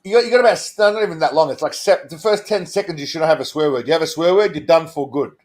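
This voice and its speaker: An Australian man talking in a casual livestream chat, with a voice pitched somewhat high for a man. He rambles, trips over his words and laughs often as he explains things. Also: fast talker, darkish tone. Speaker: co-host of a livestream show.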